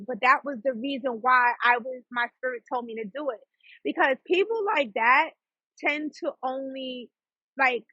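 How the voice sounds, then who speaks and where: Chatty New woman, bright and husky. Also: sits high, no echo, highs cut off. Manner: chatty, fast, laughs at herself, asides to listeners. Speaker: podcast host and psychic. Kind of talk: casual storytelling monologue.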